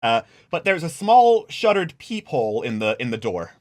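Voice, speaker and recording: A man's voice: mid-range voice, big pitch swings, moderate pace, a little mellow. A man narrating as game master of a tabletop role-playing game, with many hesitations and fillers.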